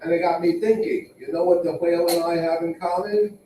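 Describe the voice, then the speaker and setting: Guy emceeing open mic, quick one-liners, says yeah a lot, sounds far off. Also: a little high, a little hiss or hum. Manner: tags jokes with "yeah", punchy deadpan one-liners. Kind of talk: stand-up between acts. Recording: very echoey room, heard from afar.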